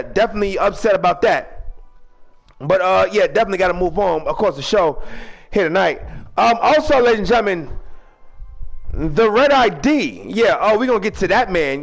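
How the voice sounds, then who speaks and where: A man hosting a fan-made video-game wrestling show, rambling in casual chat and breaking into drawn-out ring-announcer calls. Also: high voice, creaky. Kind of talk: casual hosted recap with announcer flourishes.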